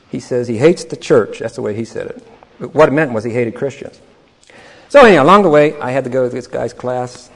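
A man's voice: medium pitch, expressive, a little fast, gravelly, in a large hall. An older man telling a personal story in a rambling, chuckling way, often repeating words. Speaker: speaker telling his life story. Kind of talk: anecdotal storytelling talk.

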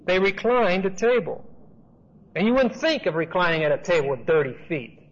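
A high-pitched male Bible teacher talks through a passage emphatically, repeating his points in a conversational manner. His voice is husky and breathy, and the recording sounds dull and lo-fi. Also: normal speed.

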